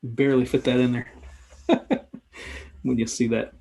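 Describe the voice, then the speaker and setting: A man's voice: medium pitch, flat delivery, a little slow, gravelly, mellow, slightly rough. A man giving live commentary in a drawing tutorial, talking casually and thinking aloud as he sketches. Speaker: sketchnoting instructor.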